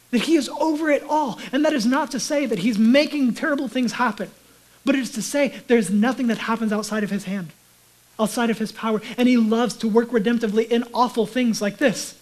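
Man preaching, hushed to soft whispers. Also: very high voice, a little fast, poor audio. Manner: conversational preaching, dropping to a hushed whisper for emphasis. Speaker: pastor. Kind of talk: sermon.

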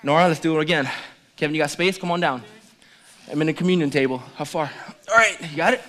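A middle-aged man preaching as a pastor, joking playfully with the congregation during a lively demonstration. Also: fairly high pitch, fast talker. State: out of breath at times. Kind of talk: lively sermon with audience demonstration.

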